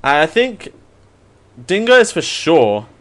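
A man hosts a live internet Q&A, taking his time over every answer. His voice sits a little high, and he rambles, mocks himself and chuckles between thoughts. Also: big pitch swings, drawn-out words. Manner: rambling, self-mocking, laughs often. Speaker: live show host. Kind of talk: live stream Q&A.

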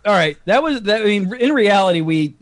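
A man's voice: sits high, animated, fairly quick, no room sound, clean studio sound. A man co-hosting a podcast in casual chat, rambling with many fillers. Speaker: podcast co-host.

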